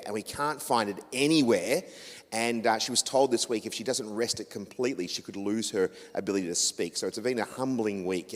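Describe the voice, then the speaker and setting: A man's voice: medium pitch, a bit bright. A man with an Australian accent, a radio host giving a chatty, rambling talk to a church audience with many fillers and restarts. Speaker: radio host and guest speaker. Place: church hall. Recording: reverberant church hall.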